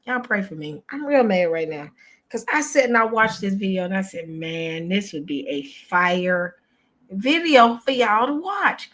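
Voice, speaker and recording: A woman's voice: medium pitch, expressive, measured pace, a bit bright. A woman, hosting a casual chat for her viewers, exasperated and chatty, calling them y'all. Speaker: channel host.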